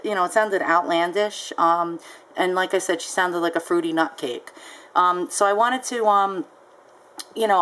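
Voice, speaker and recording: A woman's voice: fairly low pitch, fairly bright tone, low-quality recording. A woman seller casually recounting a story on her vlog, chatty and peppered with ums and asides. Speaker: online seller.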